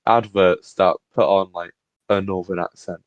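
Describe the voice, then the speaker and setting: A man's voice: low-pitched, steady tone, moderate pace, smooth, muffled recording. A young man from England co-hosting a podcast in casual chat, hesitant but blunt, with some swearing. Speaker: podcast co-host.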